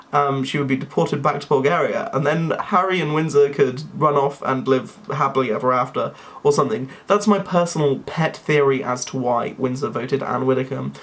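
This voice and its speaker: A man's voice: on the high side, fairly bright tone. A young man talking to camera in a rambling, tangent-prone monologue. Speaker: YouTuber.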